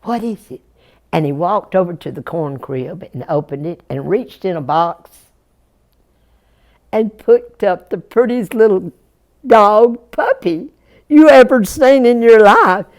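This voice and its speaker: A woman's voice: mid-range voice, slow pace, a little mellow. Folksy woman telling a tall tale. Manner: folksy, chuckling, speaks to listeners directly. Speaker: folk storyteller. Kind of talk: telling a Jack tale to children.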